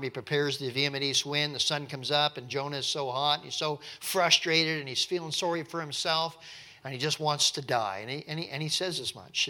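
A man's voice: on the high side, sharp tone. A man preaching a sermon in an earnest, emphatic way, asking rhetorical questions and reading scripture in old King James wording.

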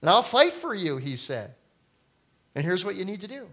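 A middle-aged man preaching a sermon as pastor, talking casually to the congregation and turning suddenly loud for emphasis. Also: high voice, sing-song, normal speed, breathy edge.

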